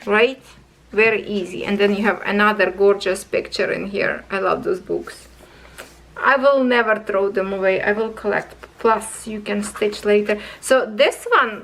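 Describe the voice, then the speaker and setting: Slow-talking enthusiastic woman crafter. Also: mid-range voice, fairly bright tone, poor audio. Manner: slow, enthusiastic, talks to viewers as friends. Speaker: craft channel host. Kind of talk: casual unboxing review.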